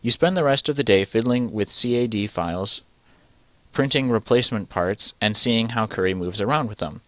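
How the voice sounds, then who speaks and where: Reading a choose-your-own-adventure game out loud, this young let's-play host rambles over his options, breaks off mid-sentence, and swears offhandedly. He speaks at a normal speed in a slightly bright voice on the low side, with no echo.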